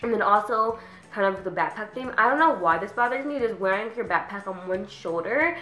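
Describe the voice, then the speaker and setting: A teenage girl venting about her pet peeves in a casual vlog, chatty, with lots of "like", sometimes mimicking people in a higher voice. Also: expressive, fairly quick, sharp tone, echoey room, faint music behind, low-quality recording. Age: teens. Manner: chatty, says "like" constantly, acts out quoted people in a higher voice. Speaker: vlogger.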